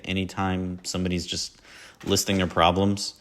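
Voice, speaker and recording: In a low-pitched, level voice with a fairly bright tone and moderate pace, this podcast host chats solo and casually about movies. He rambles, mocks himself over the films he loves, and quotes lines along the way.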